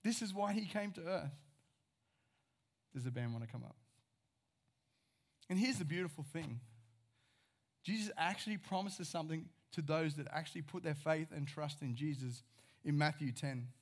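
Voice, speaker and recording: A man's voice: on the high side, moderate pace, long pauses. A man, preaching a sermon as pastor and paraphrasing scripture in a conversational way.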